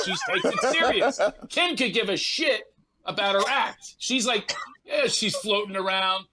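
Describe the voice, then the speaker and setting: A man, a comedian guest, telling a story in an animated way and acting out other people's lines in quick bursts. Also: sits high, slight background noise, low-quality recording.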